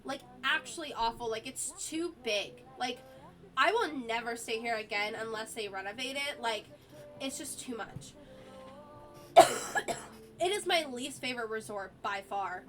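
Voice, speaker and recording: A woman streamer, sick and coughing, chats casually in a voice on the high side and a bit bright. She tells a story in an exasperated way, packed with "like" fillers.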